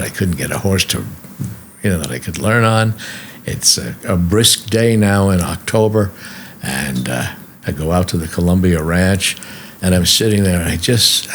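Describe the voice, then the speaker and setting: A low, gravelly older man spins stories as a podcast guest, slipping into the voices of the people he quotes. A faint hiss sits under his voice. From New York. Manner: lively storyteller who acts out the people he quotes. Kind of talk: storytelling anecdotes. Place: podcast studio.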